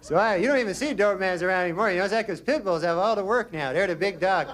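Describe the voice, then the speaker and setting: Deadpan, rambling stand-up comedian. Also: male voice, sits high, fast talker.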